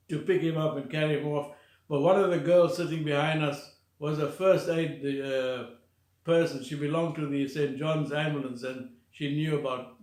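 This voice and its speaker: A man's voice: a little high, roomy sound. An older man from South Africa telling a school story in a chatty, rambling way, full of fillers and restarts. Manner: chatty, many fillers and restarts, quotes others aloud. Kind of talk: casual spoken anecdote.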